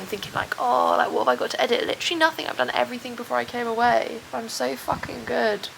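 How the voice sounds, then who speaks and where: A woman's voice: on the high side, vocal fry, slight background noise. A young woman vlogging casually on holiday, self-mocking and swearing freely, sometimes dropping to a near-whisper. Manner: often drops to a soft near-whisper. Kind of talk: casual vlog chat to camera. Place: holiday terrace outdoors in a breeze.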